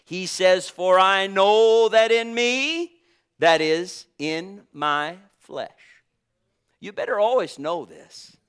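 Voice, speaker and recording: A man delivers a sermon in a high, smooth voice, stretching his phrases out with emphasis. He alternates between loud outbursts and quiet asides, chuckling from time to time.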